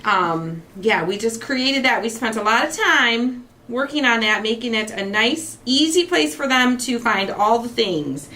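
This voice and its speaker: Woman in her forties, craft host, casual, gushing, higher voice, faint room noise behind. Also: lively intonation, a little slow, pushed and bright. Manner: gushing, emotional, chatty. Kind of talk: casual livestream chat while crafting.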